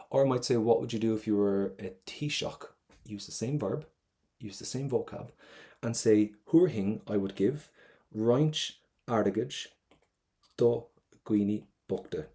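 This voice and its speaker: A man's voice: on the low side, dark tone. A man with an Irish accent teaching an online exam-prep lesson, chatty and encouraging, repeating phrases for drilling.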